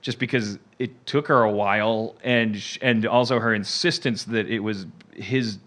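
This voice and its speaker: Comedy podcast host, man, bright edgy voice, loose rambling delivery full of restarts. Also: lowish voice, fairly even intonation, normal speed. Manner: rambling, laughing, many restarts. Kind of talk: casual comedic chat.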